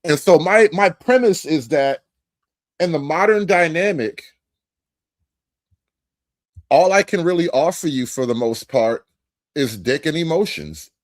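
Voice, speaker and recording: A man on a talk show panel, laying out his premise in a deliberate, argumentative way. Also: on the high side, lively intonation, no room sound.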